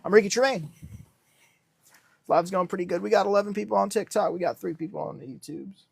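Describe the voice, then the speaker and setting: Gravelly high-voiced man hosting a livestream. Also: fast. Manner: deadpan self-styled businessman persona. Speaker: livestream host. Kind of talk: casual livestream chat reading comments.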